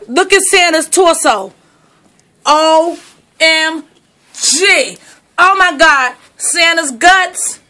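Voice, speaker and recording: High-pitched woman scolding her dog melodramatically. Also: extremely slow, sharp tone. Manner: theatrical mock mourning, scolding the dog. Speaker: pet owner filming her dog. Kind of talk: mock-dramatic home video commentary. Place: at home indoors.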